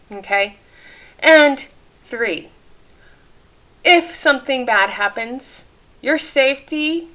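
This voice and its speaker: A woman runs a channel where she reacts candidly to a clip, offering safety advice in a chatty style. Her mid-range voice sounds pushed and bright.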